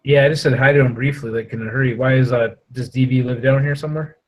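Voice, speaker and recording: A man's voice: mid-range voice, steady tone, quick pace, low-quality recording. A man hosting a podcast, chatting casually in a rambling, hesitant way with lots of fillers. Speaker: podcast host. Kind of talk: casual chat.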